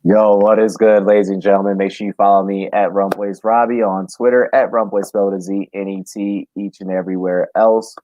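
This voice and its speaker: Male network boss, lower voice, brash hype delivery. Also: little pitch movement, a little fast, hardly any pauses, dark tone, dry recording, poor audio. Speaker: podcast network head. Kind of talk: casual podcast chat.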